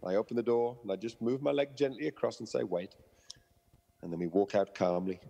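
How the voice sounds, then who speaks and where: A man's voice: on the low side, fast, creaky, warm tone, breathy edge, lo-fi sound. Man telling stories with long reverb. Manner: explains through stories and analogies, acting out quoted voices. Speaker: dog trainer guest. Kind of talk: interview conversation.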